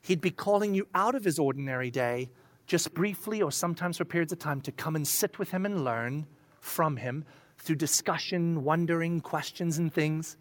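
A preacher tells a story during his sermon with animation, acting out voices, then drops to a soft, low voice for serious points. He speaks at normal speed, and there's no room sound.

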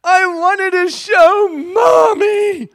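A man voicing a sobbing eight-year-old girl who shouts through her tears. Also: very high voice, very slow, gravelly, pitched above the performer's own voice, full character voice.

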